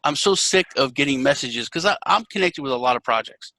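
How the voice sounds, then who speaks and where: A man hosting a casual podcast chat, telling lively stories, acting out the people he quotes and swearing freely. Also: medium pitch, brisk, no echo, rough recording. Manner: animated storyteller, acts out quotes, swears freely. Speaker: podcast host.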